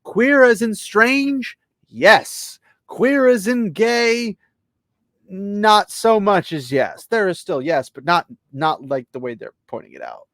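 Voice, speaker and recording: A man riffing sarcastically while reacting to a trailer, his voice slightly high and swinging widely. He laughs easily and talks in loose, animated bursts. The sound is dry and close. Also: takes it slowly, dry recording. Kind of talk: casual reaction chat.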